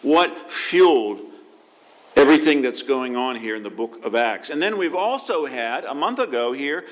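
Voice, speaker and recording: A man's voice: medium pitch, expressive, normal speed. A man, a pastor, giving a conversational sermon with asides and restarts.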